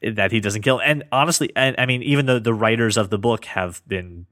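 A man co-hosting a casual podcast, talking earnestly about comics and thinking out loud with lots of restarts. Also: fairly low pitch, fairly quick, dry recording, clean studio sound. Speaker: podcast co-host.

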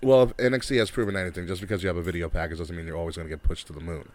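Very deep-voiced man chatting. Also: steady tone, rapid-fire, darkish tone. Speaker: podcast co-host. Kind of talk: casual chat.

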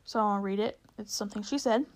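A woman's voice: medium pitch, fast talker. A woman teacher talking through literary devices from a novel, in a conversational way with frequent fillers and restarts. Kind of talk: literature lesson explaining a novel.

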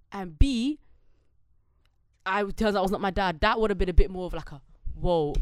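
A young woman, talking animatedly and venting strong opinions with plenty of swearing. Her voice sits at an ordinary pitch and sounds dry and close. It is a casual podcast chat. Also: no echo. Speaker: podcast co-host.

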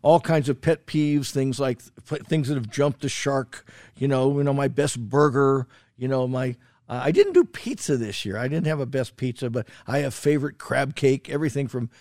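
A man co-hosting a food podcast, chatting casually and rambling through his lists with restarts and fillers. He swears for emphasis. His voice sits at a middle pitch and sounds dry and close to the mic. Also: lively intonation, normal speed, darkish tone, no echo. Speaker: podcast co-host, food critic. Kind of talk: casual chat.

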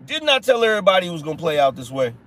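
Animated, high-pitched man ranting on a live stream. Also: very fast. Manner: animated, repetitive, mocking, breaks into shouts; slangy, addresses chat as y'all and brother. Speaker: podcast host. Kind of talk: live-stream political commentary.

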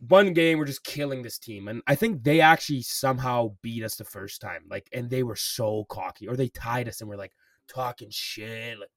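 A man's voice: medium pitch, normal speed, no room sound, clean studio sound, far from the mic. A young man co-hosting a podcast, telling a story in casual chat, swearing often and filling with "like" and "bro". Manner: swears a lot, says "bro" and "like" constantly. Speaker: podcast co-host.

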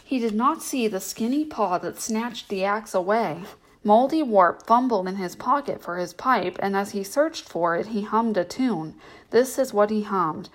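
Gentle woman reading a bedtime story. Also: medium pitch, unhurried.

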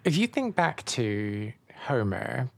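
A man's voice: medium pitch, very animated, slow, creaky. A man interviewing a guest in a casual chat, chatty and laughing easily, often correcting himself.

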